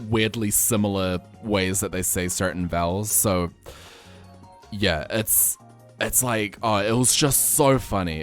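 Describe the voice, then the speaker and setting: Young NZ-accented male streamer, lowish voice, animated and giggly, faint music behind. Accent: New Zealand. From New Zealand. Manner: animated storyteller, laughs often, jumps up in pitch when excited. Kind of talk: casual chat.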